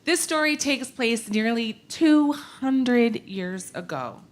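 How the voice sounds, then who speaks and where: Woman minister, storytelling in church, slow and very animated, playful asides. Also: on the high side. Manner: playful, expressive, asides to the congregation. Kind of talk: storytelling in a worship service.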